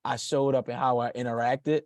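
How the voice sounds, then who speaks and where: A man hosting a podcast who speaks in a reflective, thoughtful way, pausing often. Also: mid-range voice, flat delivery, a little mellow, no room sound, clean studio sound. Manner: reflective, thoughtful, with frequent pauses and restarts. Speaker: podcast host. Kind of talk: conversational interview.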